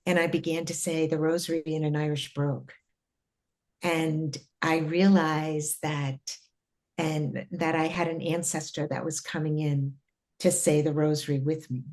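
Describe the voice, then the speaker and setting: Middle-aged woman guest, low-pitched, earnest and rambling with fillers. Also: flat delivery, a little slow, darkish tone. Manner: earnest, many fillers and restarts. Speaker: guest telling spiritual experiences. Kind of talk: casual interview storytelling.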